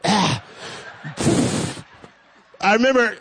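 A man in his forties preaching a sermon, telling a funny personal story with lively, high-pitched quoted voices. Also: moderate pace, noisy background.

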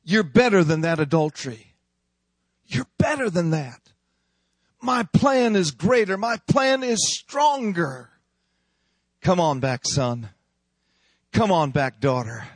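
A man voicing a loving fatherly God who pleads gently and slowly with his children, in a sermon. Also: sits high, very animated, dry recording, heavily acted. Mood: pleading.

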